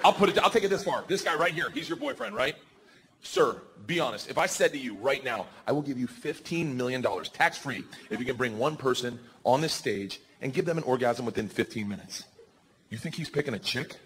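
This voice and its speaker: Loud, animated male stand-up comic. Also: medium pitch, brisk. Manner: loud, animated storytelling with swearing and acted-out voices. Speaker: stand-up comedian. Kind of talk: stand-up comedy set. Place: comedy stage before a live audience. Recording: live audience noise in the background.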